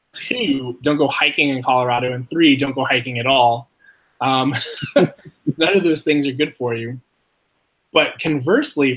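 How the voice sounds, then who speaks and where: A man hosting a podcast, telling a casual story in a rambling way, swearing freely and filling his talk with "like", his pitch jumping higher when he quotes himself. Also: low-quality recording. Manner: animated, jumps higher when quoting himself. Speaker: podcast host. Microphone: podcast mic.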